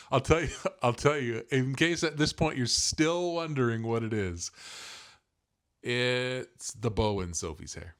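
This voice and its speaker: A man's voice: medium pitch, slow, long pauses. A middle-aged father co-hosting a casual family podcast, rambling and self-deprecating as he explains things.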